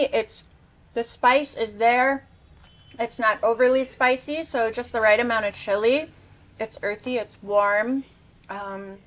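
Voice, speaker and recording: A woman's voice: a little high, poor audio. Casual, enthusiastic cooking host; woman in her thirties tasting and describing food. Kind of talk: casual cooking show chat.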